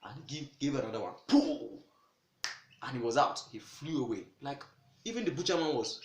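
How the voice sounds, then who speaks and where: A man tells a folktale in a loose, chatty way, full of exclamations and asides. His voice sits at an ordinary male pitch, and the recording has a roomy echo. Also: expressive, fairly quick. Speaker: storyteller. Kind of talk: casual storytelling.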